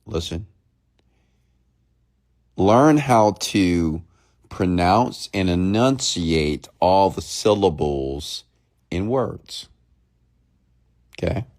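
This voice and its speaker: A low-pitched man speaks at a very slow, measured pace. He weighs every word as he coaches an online audience and keeps checking that they follow. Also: animated, a little mellow. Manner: slow, deliberate speech with long pauses, often checking in with the audience; mimics fast rambling talk to show the contrast. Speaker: motivational speaker on a live stream. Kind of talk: live-stream coaching talk.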